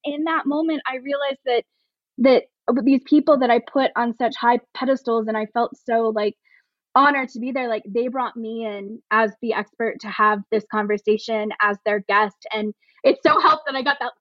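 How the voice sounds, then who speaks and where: A woman's voice: a little high, normal speed, no echo, dull audio. A woman speaking as a podcast guest about her advocacy, earnest and emotional, talking in long runs with many restarts. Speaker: podcast guest, plus-size pregnancy advocate. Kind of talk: conversational interview.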